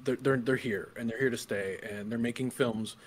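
A man's voice: medium pitch, normal speed, slight background noise. A man co-hosting a live podcast, chatting with enthusiasm and frequent fillers. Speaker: podcast co-host. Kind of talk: casual chat.

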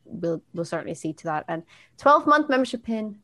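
A woman's voice: medium pitch, sing-song, fairly bright tone, no echo. Irish woman hosting a gaming podcast. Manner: chatty, upbeat plugs with quick asides. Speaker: podcast host. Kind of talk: casual podcast chat.

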